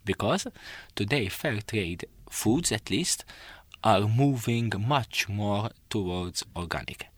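Radio studio guest, man, very low voice, dry close sound, measured explainer. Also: expressive, no room sound. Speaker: studio guest on fair trade.

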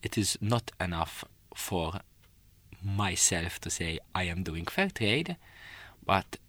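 A man speaking as a studio guest on a radio talk show, explaining in a measured way. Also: low-pitched, very animated, pushed and bright, no room sound. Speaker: studio guest on fair trade.

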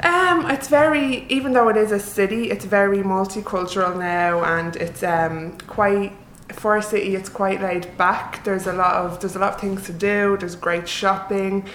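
Relaxed Dublin-accented woman in a roomy space. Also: medium pitch, normal speed, slight background noise. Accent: Irish, Dublin. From Ireland. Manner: relaxed, chatty, laughs easily. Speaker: guest. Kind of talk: casual interview chat. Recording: roomy echoey sound.

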